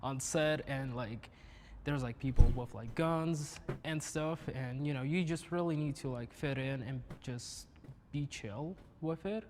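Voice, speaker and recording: A man's voice: medium pitch, unhurried. Laid-back guy in echoey room. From Ukraine. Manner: relaxed, filler-heavy. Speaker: panelist. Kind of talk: casual discussion. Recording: reverberant room with faint noise.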